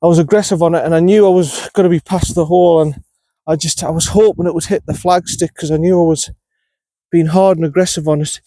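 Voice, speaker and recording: A man's voice: a little high, steady tone, a little fast, warm tone, dry recording. A man, vlogging his golf round outdoors, talking himself through each shot and getting annoyed at his own play. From North East England. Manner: frustrated, self-critical, talks himself through shots. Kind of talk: on-course golf commentary.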